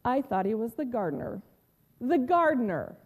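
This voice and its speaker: A woman pastor playing a grieving, devoted woman disciple in a first-person sermon retelling, telling it heartfelt with long pauses and soft drops. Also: on the high side, sing-song, long reverb tail. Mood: awed.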